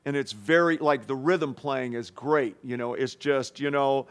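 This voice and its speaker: A man's voice: mid-range voice, measured pace. A man, a guest guitarist, rambling through anecdotes in a casual interview and acting out voices and guitar sounds.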